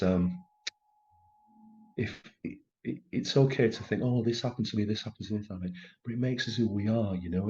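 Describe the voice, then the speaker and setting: Middle-aged man, deep voice, emotional storyteller with restarts; dull recording. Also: a little mellow, slight background noise. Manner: halting, emotional, many restarts and fillers. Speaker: actor telling his story as a guest. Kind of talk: personal storytelling in a conversation.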